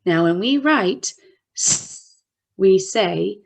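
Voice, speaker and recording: Speaking at a fairly low pitch, a woman teacher with a Canadian accent draws out letter sounds during a slow, clear phonics lesson for young kids.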